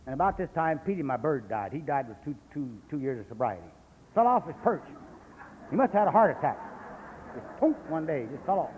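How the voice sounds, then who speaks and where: A man's voice: high voice, a little hiss or hum. A man from San Jose giving a blunt, folksy recovery talk at a convention, full of profanity and stories. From San Jose, California. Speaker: AA speaker. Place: convention hall. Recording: echoey hall on lo-fi 1980s cassette.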